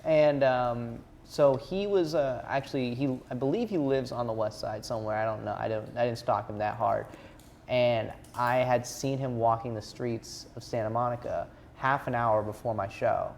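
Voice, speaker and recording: Animated male comedian telling a story. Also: mid-range voice, moderate pace, a little hiss or hum. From Atlanta, United States. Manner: animated storyteller, acts out quotes. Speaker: stand-up comedian guest. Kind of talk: podcast anecdote.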